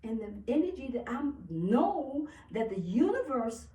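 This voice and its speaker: Slow, emphatic woman in an echoey room. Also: sits high, very animated, dark tone. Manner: emphatic and profane, often laughing. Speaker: spiritual speaker. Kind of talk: casual spiritual pep talk. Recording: echoey room, far from mic.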